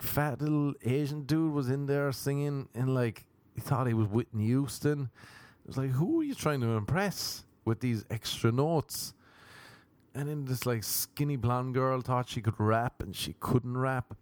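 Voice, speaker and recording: A man's voice: medium pitch, a little mellow, no room sound. A young Irish man hosting a podcast, telling crude, rambling stories in a casual monologue. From Ireland. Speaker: podcast host.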